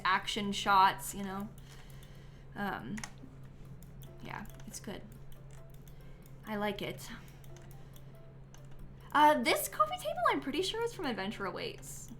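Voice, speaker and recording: A woman's voice: mid-range voice, bright, forceful tone. A woman streaming a life-sim game live, chatting casually with many ums and likes and giggling now and then.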